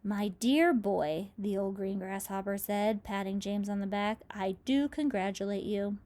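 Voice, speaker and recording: A woman putting on a wise old grasshopper from a storybook, measured and steady. He speaks slowly and kindly, in a voice the woman reading adopts. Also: medium pitch, lightly acted.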